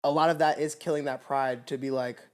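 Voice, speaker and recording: A man's voice: medium pitch, fairly even intonation, brisk. A young man co-hosting a podcast, talking earnestly and reflectively about love and pride in casual conversation. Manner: earnest, reflective, faith-based talk. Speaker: podcast co-host. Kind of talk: casual chat.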